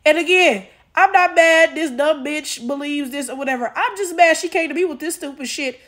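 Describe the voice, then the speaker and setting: A woman ranting in a casual commentary video, exasperated and animated, using lots of slang and talking straight to her viewers. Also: high-pitched, moderate pace. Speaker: commentary YouTuber.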